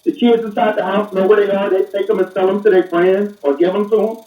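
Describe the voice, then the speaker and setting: A man's voice: high voice, fairly even intonation, fast talker. A man speaking as a police officer guest in a casual, plain-spoken interview over a remote connection. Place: remote call from elsewhere. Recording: roomy, distant, dull remote audio.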